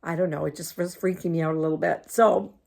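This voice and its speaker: A woman's voice: on the low side, steady tone, fast talker, creaky, darkish tone. An older woman talks casually to her camera in a chatty, rambling way. She laughs often and slips into a cooing tone when she speaks to her dogs. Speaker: vlogger.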